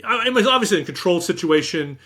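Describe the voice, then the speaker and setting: A middle-aged man, an author being interviewed, telling animated anecdotes and acting out what others said. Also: high voice, rapid-fire. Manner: animated anecdotes, acts out quoted speech. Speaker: author guest. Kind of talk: interview storytelling.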